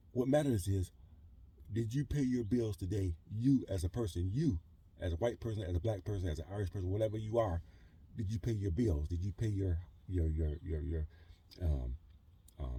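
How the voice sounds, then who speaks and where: A man's voice: low voice, moderate pace, dark tone, slightly rough. A middle-aged man talking in a rambling vlog monologue, full of "you know" and "whatever", from his truck camper. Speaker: vlogger living in a truck camper. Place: truck camper in a trailer park.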